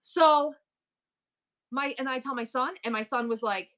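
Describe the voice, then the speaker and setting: A middle-aged woman with a slightly higher voice hosts a live selling stream. She talks casually and tells stories in a rambling, animated way, breaking off for asides and restarting sentences. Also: measured pace. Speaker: live-stream seller and host. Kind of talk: casual storytelling chat.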